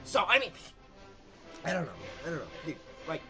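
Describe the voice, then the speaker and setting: Bright-voiced man in a crude comic rant. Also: a little high, sing-song, moderate pace, soft background music. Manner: crude, rambling, mocking. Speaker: comedy history narrator. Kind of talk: comic history explainer.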